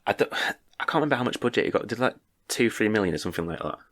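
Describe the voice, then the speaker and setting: A man's voice: on the low side, expressive, racing, fairly bright tone. A man co-hosting a casual podcast chat, often stammering, repeating words and laughing between points. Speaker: podcast co-host. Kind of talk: casual chat about a film.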